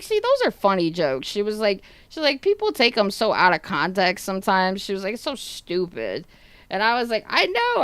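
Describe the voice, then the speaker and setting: A woman's voice: mid-range voice, clear, resonant tone, no room sound. A woman streamer chatting casually on a livestream, swearing a lot and retelling what family and chat said. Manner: laughing, swearing, retelling chats with friends and family. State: coughing.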